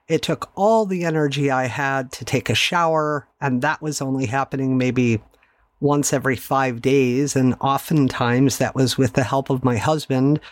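A woman's voice: rumbling low, no room sound. A middle-aged woman hosting a podcast, candidly recounting a personal story in a conversational way with wry asides. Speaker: podcast host.

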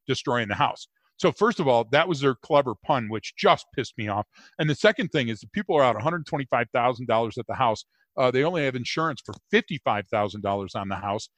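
A man's voice: mid-range voice, no echo. A man co-hosting a podcast, telling rambling stories with lots of fillers. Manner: rambling, animated storyteller with many fillers. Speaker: podcast co-host. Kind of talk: casual podcast chat.

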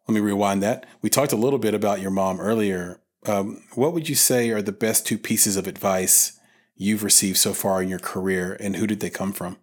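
A man's voice: fairly low pitch, normal speed. A man hosting a podcast, asking questions in a loose, conversational way with fillers and restarts. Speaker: podcast host. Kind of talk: casual interview chat.

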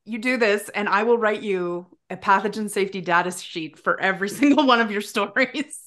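A woman's voice: medium pitch, a little fast, a bit bright. Playful woman co-hosting a podcast. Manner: laughs often, playful. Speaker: podcast co-host. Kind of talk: casual podcast chat.

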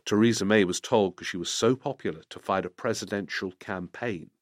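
A man's voice: lowish voice, brisk, no room sound, clean studio sound. A middle-aged man giving rambling political commentary, answering viewer questions with many restarts. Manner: rambling, restarts mid-sentence, animated when reading questions. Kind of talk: casual spoken commentary.

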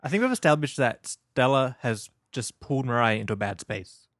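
A man's voice: medium pitch, sing-song, brisk, a bit bright, dry recording, clean studio sound. A man co-hosting a podcast in casual chat, agreeable and chiming in with short replies. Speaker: podcast co-host.

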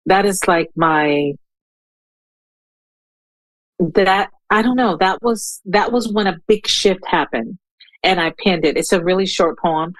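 A woman in her fifties talks slowly and haltingly, often starting over as she searches for the right words. Her voice sits a little low, and the sound is dry and close. She is a guest in an interview. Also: dry recording, rough recording. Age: 50s. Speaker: guest poet. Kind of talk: interview conversation with poetry reading.

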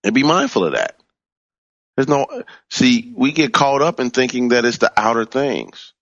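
A man teaching in a sermon style, stressing key words by swooping up in pitch and repeating phrases. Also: expressive, moderate pace, fairly bright tone, no echo, lo-fi sound. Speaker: minister teaching from a book.

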